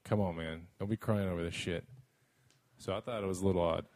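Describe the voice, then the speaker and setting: A man co-hosting a casual podcast, blunt and laid-back, tossing in curses. His voice sits low, and the sound is dry and close to the mic. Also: steady tone, fairly quick, a little mellow, no room sound. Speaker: podcast co-host.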